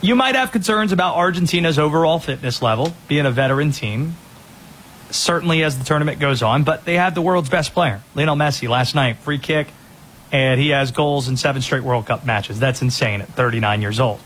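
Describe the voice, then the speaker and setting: A man hosting a sports talk show, giving energetic, opinionated rundowns of players and teams. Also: fairly high pitch, a little fast, a little hiss or hum.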